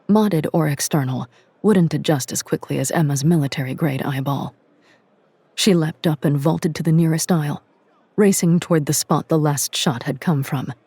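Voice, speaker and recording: A narrator reading an audiobook drama in a measured, dramatic way. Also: mid-range voice, a little mellow, husky, no echo. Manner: measured, dramatic, drops to a whisper at tense moments.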